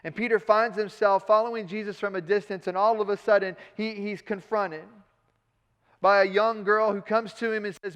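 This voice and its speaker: A man preaching a sermon as pastor, animated, repeating words as he gets going and acting out lines in a casual modern voice. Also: high voice, normal speed, clear, resonant tone, in a large hall. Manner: repeats words when excited. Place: church sanctuary.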